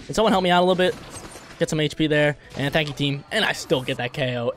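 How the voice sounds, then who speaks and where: This is a young man commenting live on his own gameplay, slangy and quick to react. His voice sits a little higher than most men's. Faint game music plays underneath. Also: a bit bright. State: briefly coughing. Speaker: gaming YouTuber.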